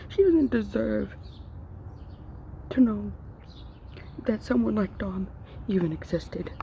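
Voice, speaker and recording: A woman's voice: a little high, gravelly, dark tone, a little hiss or hum, low-quality recording. A young woman ranting to camera, upset and grieving, her voice breaking and dropping to whispers. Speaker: vlogger. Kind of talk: emotional rant to camera.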